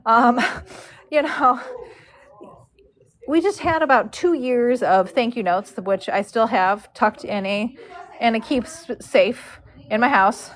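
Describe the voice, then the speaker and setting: A woman hosting a live stream, telling a story in a chatty, animated way and acting out both sides of the dialogue, recorded in a barn. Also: on the high side, takes it slowly. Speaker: horse braider and live-stream host.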